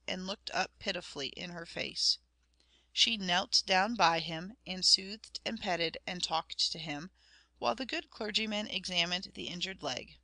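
A woman reading a story aloud as a narrator, in a measured storytelling manner that speaks to the listener. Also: fairly low pitch, sharp tone, no room sound. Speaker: audiobook narrator. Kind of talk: scripted narration.

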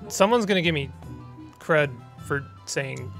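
A man's voice: fairly high pitch, moderate pace, vocal fry, fairly bright tone, faint music behind. A man giving casual let's play commentary with joking, sarcastic asides. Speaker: gaming streamer.

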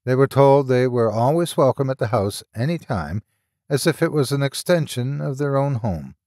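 A man narrating a horror audiobook in a measured, storytelling way. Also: medium pitch, lively intonation, a little mellow, no room sound, studio quality.

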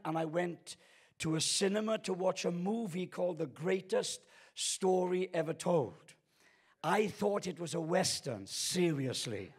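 Older guy preaching in a church, high husky voice, cracks jokes at himself while telling stories. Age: 60s. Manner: storytelling with humor and self-deprecating jokes. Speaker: guest pastor. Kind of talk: sermon. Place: church auditorium.

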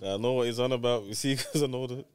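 A man's voice: mid-range voice, steady tone, fast, a little mellow, clean tone. A man hosting a podcast in casual chat, laid-back and agreeing, laughing along.

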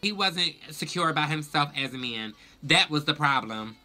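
A young man telling a storytime vlog in a sassy, profane, animated way. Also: fairly high pitch, normal speed. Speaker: vlogger.

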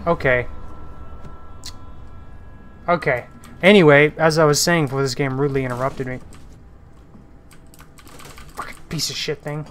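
A man streaming a horror game, giving loose, profane commentary with sudden shouted outbursts. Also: fairly high pitch, fairly even intonation, measured pace, long pauses, a little hiss or hum. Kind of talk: live gameplay commentary.

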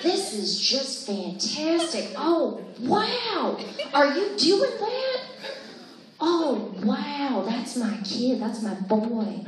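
A woman doing an impression of a famous actor as a laid-back man marveling in slow wonder. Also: sits high, huge pitch swings, noisy background, voice pushed up, heavily acted. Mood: awestruck. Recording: echoey room, distant mic.

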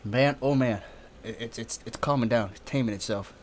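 A man's voice: mid-range voice, moderate pace, slight background noise. Casting: male streamer, casual chat, voice strained and sniffly from spice, swears a lot. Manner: pained, coughing and spitting, cursing freely. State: drooling, tearing up, sniffly.

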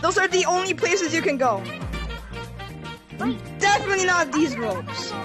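High-pitched excitable woman host, bossy and repetitive, casual game commentary over music. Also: moderate pace. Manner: bossy, excitable, repeats words. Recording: game music playing under voice.

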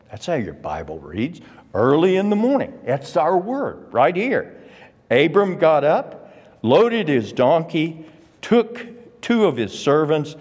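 An older man teaching an adult Bible class, deliberate and emphatic, leaning hard on key words. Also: mid-range voice, a little mellow. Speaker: Sunday school teacher. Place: church classroom. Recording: long reverb of a church hall.

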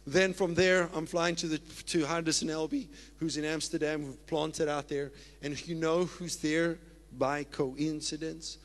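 A South African man, a pastor, preaching a sermon in an excited, emphatic way. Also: fairly high pitch, measured pace. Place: church. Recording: long reverb of a church hall.

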